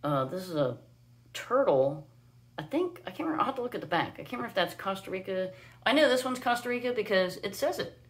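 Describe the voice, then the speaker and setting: An American woman hosting a casual live stream from home. She chats about her pet parrot in a plain, everyday voice of middling pitch. Every few lines she breaks into a high, drawn-out sing-song to coo at the bird. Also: expressive. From United States. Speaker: parrot owner and vlogger.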